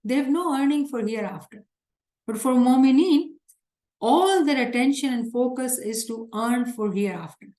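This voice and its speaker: A woman's voice: sits high, moderate pace, dark tone, echoey room. A woman teaching a religious lecture in an earnest, emphatic way, often repeating her points. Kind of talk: religious lecture explaining scripture.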